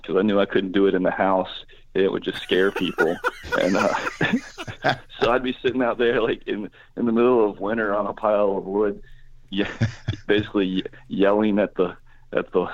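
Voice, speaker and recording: A man's voice: low voice, no room sound, muffled recording. A young man as a guest musician on a podcast, telling casual stories and laughing through them. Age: young adult. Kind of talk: casual interview storytelling.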